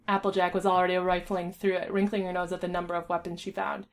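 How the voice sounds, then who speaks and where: A woman's voice: lowish voice, flat delivery, fast talker, hardly any pauses. A woman reading a fan story aloud, stumbling and restarting now and then. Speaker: fan fiction reader. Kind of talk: casual reading aloud with voices.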